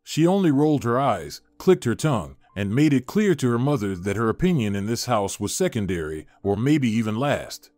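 Male storyteller, mid pitch, measured and even, dry close sound with faint music. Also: no echo. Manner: steady, measured reading. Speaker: narrator. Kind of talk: scripted story narration.

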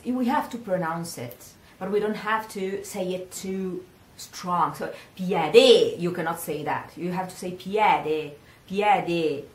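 During a pronunciation lesson, a singing teacher from Italy repeats words slowly in her Italian accent for her student to echo back. Her voice sits on the low side.

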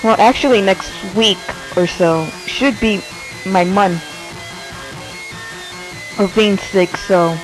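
A woman's voice: medium pitch, slow pace, pauses often, music in the background. A young woman with a cold giving casual, swearing gameplay commentary from her bed, exasperated and rambling. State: sick, coughing. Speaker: gaming video creator. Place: bedroom.

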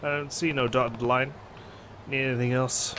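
A man voicing a stoic, deadpan male yakuza hero in a game playthrough, low and flat. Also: moderate pace, noisy background, lightly acted.

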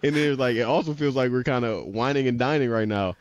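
A man's voice: medium pitch, fast talker, no room sound, muffled recording. A man casually retelling an anime episode, rambling with lots of "he was like" quotes and frequent laughs. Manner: laughs often. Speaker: podcast co-host.

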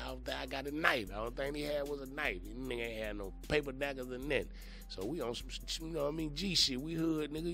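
A man hosting a podcast, telling a story in a rambling, profane, animated way, full of "you know what I'm saying" fillers. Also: medium pitch, vocal fry. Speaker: podcast host. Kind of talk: casual storytelling monologue.

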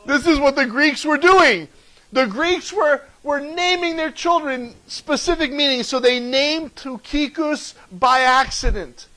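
A man preaching a sermon in a church, animated and joking as he teaches from scripture. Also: very high voice, moderate pace, low-quality recording. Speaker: pastor. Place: church sanctuary.

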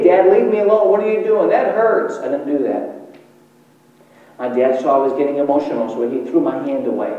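A man's voice: medium pitch, mellow. A man telling his life story as a sermon testimony, in a storytelling manner with emotional swings, recorded from a distance in a large hall. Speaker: evangelist. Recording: distant echoey hall, muffled.

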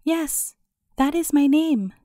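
A woman's voice: sits high, lively intonation, slow, dark tone, no room sound, clean studio sound. A woman voicing a mother who sells vegetables at a market in a storybook, speaking plainly and politely. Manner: polite, then firm.

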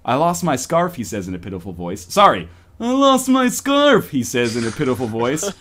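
A man's voice: mid-range voice, very animated, a little fast, a bit bright, a little hiss or hum. A man hosting a casual podcast, reading a choose-your-own-adventure story aloud to friends in a playful, mock-dramatic way. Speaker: podcast host.

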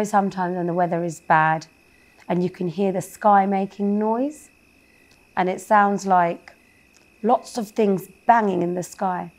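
A woman reading a bedtime story aloud for a children's show, gently pausing to ask the young listeners questions. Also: lowish voice, gravelly.

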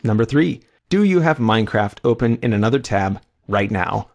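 A man's voice: fairly low pitch, animated, normal speed, gravelly, darkish tone. A man co-hosting a podcast, reading listener mail aloud in an easygoing, casual way. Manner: easygoing, reads letters aloud.

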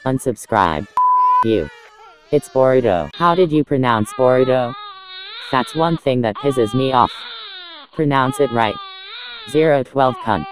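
A man voicing an angry, foul-mouthed male anime fan who yells insults in a very deep, distorted voice. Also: animated, unhurried, pauses often, a crowd in the background, natural voice. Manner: yelling insults, whiny.

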